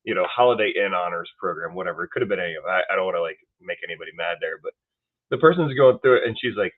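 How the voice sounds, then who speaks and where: A man's voice: sits low, racing. A man co-hosts a podcast and tells stories in casual chat, acting out the other people's lines. He comes through a remote call, and his voice sounds thin and phone-like. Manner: animated storyteller, acts out quoted dialogue. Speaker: podcast co-host. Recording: tinny phone-like line.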